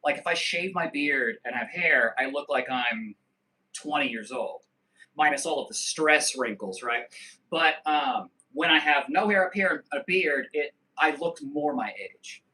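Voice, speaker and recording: A man's voice: on the high side, sharp tone. A man in his thirties hosting a casual live stream, reading viewer comments aloud and joking loosely with frequent swearing. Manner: loose, joking and profane, with quick asides. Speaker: livestream host.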